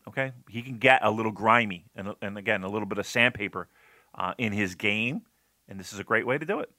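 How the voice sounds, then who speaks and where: A man co-hosting a podcast argues his opinions emphatically, restarting sentences and filling pauses. His voice is bright and forceful, and it is recorded dry and close with no room sound. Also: fairly low pitch, dry recording. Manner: animated, emphatic, many repeated starts and fillers. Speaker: podcast co-host. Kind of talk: casual opinionated discussion.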